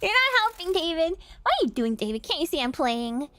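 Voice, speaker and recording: A woman's voice: extremely high pitch, very animated, fairly quick, pushed and bright, dry recording, voice pushed up, exaggerated voice. A woman voicing a brash young man who boasts that he cannot lose. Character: cocky, reckless young man who thinks he can't lose.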